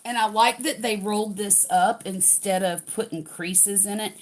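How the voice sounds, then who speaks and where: A woman's voice: medium pitch, fairly even intonation, moderate pace. An older woman, chatting casually to livestream viewers while unboxing a craft kit.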